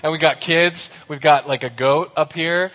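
Playful preacher man, animated and audience-involving, a bit high-voiced, long hall reverb. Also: moderate pace, a little hiss or hum. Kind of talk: lively youth sermon.

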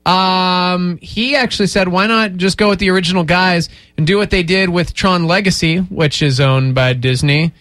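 A man's voice: high-pitched, steady tone, moderate pace, few pauses, a bit bright, no room sound. A man hosting a morning radio show, bantering casually and joking with his co-host. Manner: playful, jokey, casual. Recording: music bed under the talk.

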